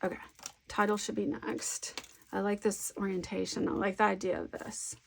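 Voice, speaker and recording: A woman's voice: mid-range voice, little pitch movement, moderate pace, vocal fry, slight background noise. Chatty woman thinking aloud while crafting. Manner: rambling, thinks aloud with many fillers. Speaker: scrapbooking video host. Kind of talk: casual chat while crafting.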